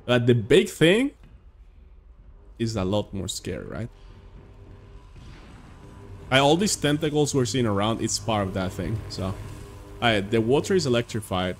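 A man's voice: mid-range voice, big pitch swings, measured pace, pauses often, a little hiss or hum. A young man streaming a video game live, chatting casually with viewers and reacting aloud to the game. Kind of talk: casual live gameplay chat.

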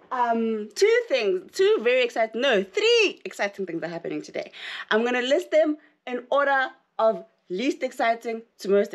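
A South African woman vlogging to camera in casual chat, excitable and rambling, often breaking into laughter. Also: mid-range voice.

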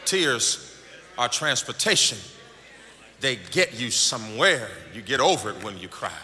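A pastor preaching a sermon, swinging from shouts and half-sung lines to quiet, low stretches. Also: male voice, lively intonation, measured pace. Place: church sanctuary. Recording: large echoing church hall with crowd noise.

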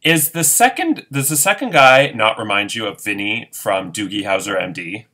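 A man's voice: on the low side, animated, moderate pace, bright, forceful tone. Chatty man commenting on a game. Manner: casual, chatty reactions. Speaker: game player and narrator. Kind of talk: casual gameplay commentary.

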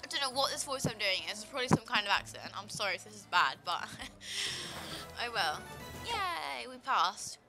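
A woman's voice: medium pitch, sing-song, moderate pace, music in the background, rough recording. A woman giving casual commentary over her gameplay in a bubbly, chatty way, saying like a lot. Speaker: gaming video host.

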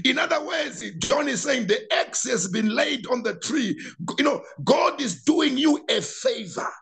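A man with a rather high voice preaches a sermon as pastor. He delivers it with passion, stumbling and repeating words as he builds, and breaks into shouts at the height of his points. Church preaching style. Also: lively intonation, measured pace, vocal fry, slight background noise.

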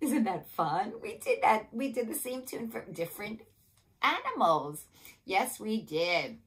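A woman leading a children's music lesson, singing nursery rhymes and gently coaxing young children to join in. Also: medium pitch, very animated, a little slow, slight background noise. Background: guitar accompaniment.

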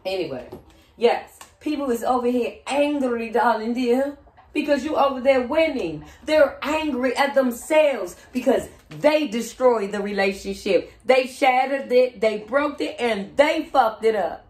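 A woman's voice: a little high, unhurried, darkish tone. A woman giving a casual tarot reading, blunt and profane, who often slips into sing-song chanting. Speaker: tarot reader. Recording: roomy echo, set back from the mic.

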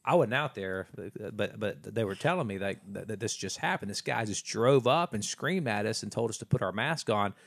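A man on a casual podcast, telling a story about his family in an animated way. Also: lowish voice, normal speed, vocal fry, few pauses, no room sound, studio quality. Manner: animated anecdote teller. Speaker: podcast co-host. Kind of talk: casual chat.

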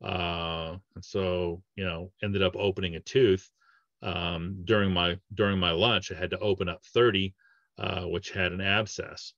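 Man, dentist, low voice, casual presentation, fillers and restarts, dull dry audio. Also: steady tone, measured pace, fairly bright tone, no echo. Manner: conversational, with many fillers and restarts. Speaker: dentist giving a training webinar.

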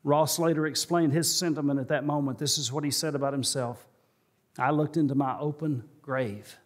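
A male pastor preaching a sermon in a church, telling a story and slowing and rising in pitch for emphasis. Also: steady tone. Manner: storytelling, slows and rises for emphasis. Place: church sanctuary.

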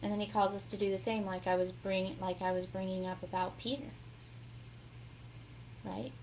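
A woman hosting a casual devotional talk, telling her story in an animated way and acting out the voices in it. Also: medium pitch, normal speed, a little hiss or hum, rough recording. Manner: animated storytelling, acts out quotes. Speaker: devotional host.

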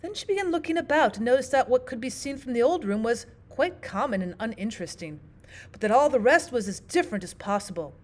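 A woman teacher reading a classic children's book aloud with expressive storytelling. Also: a little high, fast. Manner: expressive, sing-song storytelling. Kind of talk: audiobook narration.

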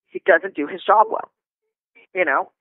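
A woman's voice: on the low side, no echo. Indignant woman on a tinny prison phone. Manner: indignant, animated, quick asides. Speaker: guest calling in from jail. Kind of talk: casual call-in storytelling. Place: jail.

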